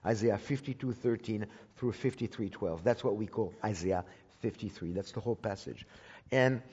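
A man with a fairly low, slightly rough and somewhat mellow voice preaches at a normal speed. He's a Bible teacher turning his sermon into a personal story for the congregation, talking conversationally while restarting often and repeating words. Long hall reverb colors the dull recording.

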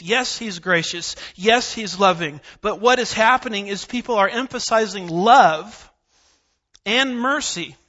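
Bright, high-voiced emphatic male preacher. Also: lo-fi sound. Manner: emphatic preaching with repetition and scripture references. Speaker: pastor. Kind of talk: verse-by-verse sermon. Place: church sanctuary.

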